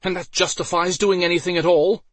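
Narrator plays a proud, hostile mage; low growl, scorn in every line. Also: male voice, fairly even intonation, fairly quick, a bit bright, no echo. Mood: contemptuous. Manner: growling, contemptuous. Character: hostile male guildmaster mage, bitter and proud.

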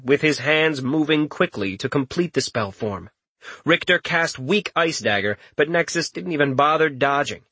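Husky male narrator, dry close sound, steady storytelling with salty language. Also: mid-range voice, dry recording. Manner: steady storytelling, swears freely in the prose. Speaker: audiobook narrator. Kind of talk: scripted fantasy narration.

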